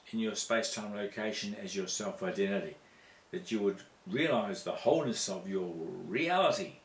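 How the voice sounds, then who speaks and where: This is a man preaching a fervent spiritual sermon on a handheld microphone, his delivery rhythmic and full of repetition, jumping now and then to high-pitched exclamations. The audio is reverberant.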